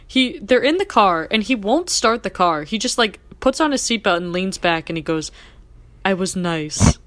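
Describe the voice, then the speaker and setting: A woman's voice: mid-range voice, very animated, normal speed, fairly bright tone, no echo. A young woman co-hosting a podcast, chatting casually and gushing over a TV episode while acting out quoted lines. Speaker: podcast co-host. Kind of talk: casual chat recapping a TV episode.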